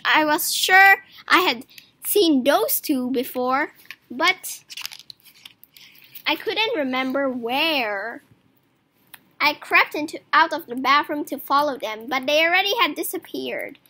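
A woman's voice: high-pitched, sharp tone. A woman reading a children's book aloud, telling the story expressively and putting on voices for the characters. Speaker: reader.

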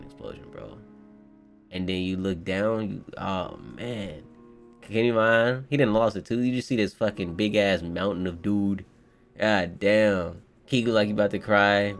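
A man giving live, slang-heavy reaction commentary, reading character lines aloud in his own voice and shouting with laughter when he gets hyped. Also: fairly low pitch, vocal fry. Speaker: manga reaction streamer.

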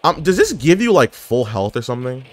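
A man's voice: medium pitch, brisk. A man giving casual gameplay commentary, joking and trash-talking opponents. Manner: trash-talking, jokey, excitable outbursts. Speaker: gaming YouTuber.

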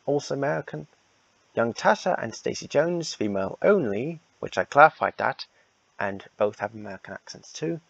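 A man's voice: medium pitch, gravelly, no room sound, muffled recording. A man casually announcing the casting for a fan redub, rambling and repeating himself.

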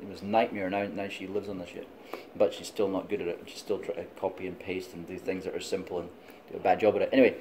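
Rambling low-voiced Scottish man. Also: dark tone, a little hiss or hum. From Scotland. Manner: digressive, laughs often, tipsy and chatty. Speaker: vlogger. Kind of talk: rambling opinion monologue.

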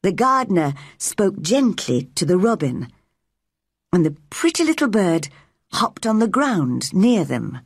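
Slow, husky woman reading a story. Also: lowish voice, big pitch swings, no echo, studio quality. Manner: clear, careful storytelling. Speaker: narrator.

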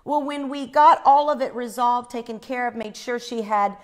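A woman telling a personal faith story in an animated way, acting out the screams she describes. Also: on the high side, normal speed.

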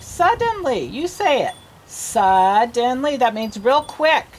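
A woman's voice: sits high, sing-song, a little slow, slight background noise. A woman reading teacher giving a patient one-on-one reading lesson, sounding out words and coaxing a child along.

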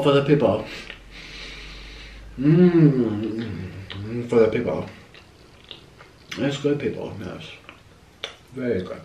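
A man's voice: on the high side, darkish tone, distant mic. Chatty young man rambling while eating. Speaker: mukbang vlogger. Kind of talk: casual storytelling while eating. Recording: roomy echo, a bit off-mic.

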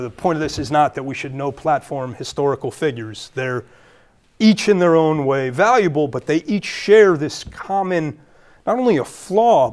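Man, Brooklyn accent, public lecture, slightly high-pitched, earnest, fillers and restarts. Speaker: guest speaker.

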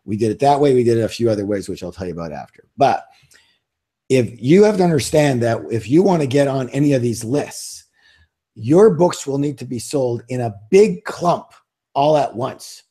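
A man's voice: medium pitch, animated, normal speed, mellow, slightly rough. A middle-aged man telling stories as an interview guest in a casual, self-assured way, with emphatic repeats. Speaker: interview guest, author and seminar leader.

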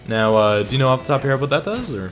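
A man's voice: medium pitch, big pitch swings, rapid-fire, faint music behind. A man playing a co-op game as a guest, laid-back, sarcastic and laughing often. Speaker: guest co-player. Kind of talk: casual co-op gameplay banter.

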